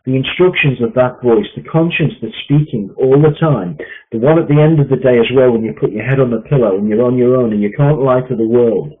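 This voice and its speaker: A man's voice: medium pitch, brisk. A man coaching a group on sales mindset, emphatic and repetitive with frequent fillers. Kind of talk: coaching session talk. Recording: tinny phone-like line.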